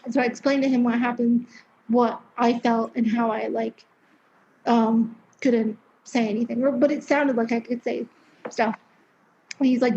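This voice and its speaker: A woman's voice: a little high, fairly even intonation, normal speed, a little mellow, a little hiss or hum. A young woman in her twenties telling her story as a podcast guest, chatty and candid, with lots of fillers and some swearing. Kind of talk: casual interview storytelling. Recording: dull lo-fi sound.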